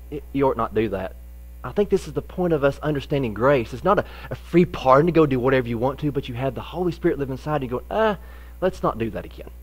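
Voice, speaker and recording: A middle-aged male pastor with a drawl, telling a homespun story from the pulpit. His voice sits at an ordinary pitch, and a low electrical hum runs under the recording. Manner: folksy storytelling, animated in the funny parts, softer when serious. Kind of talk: sermon with personal story.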